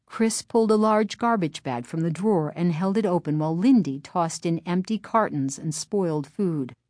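A woman reading a storybook aloud in measured, suspenseful narration from a close microphone. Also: fairly low pitch, a little mellow, no echo.

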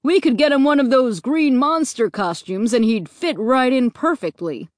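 A jovial, easygoing father who likes to tease his kids, as a woman reading a storybook puts him on. The delivery is slow and lively in its rise and fall, with a dry, close sound. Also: medium pitch, no echo. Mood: teasing. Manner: jovial, teasing. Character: cheerful easygoing suburban dad.

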